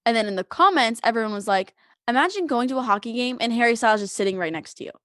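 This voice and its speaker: A woman's voice: on the high side, animated, fast talker, a bit bright, no room sound, studio quality. A young woman co-hosting a podcast, telling a long story in casual chat, full of "like" and laughter. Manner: rambling storyteller, heavy use of "like", frequent laughter. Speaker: podcast co-host.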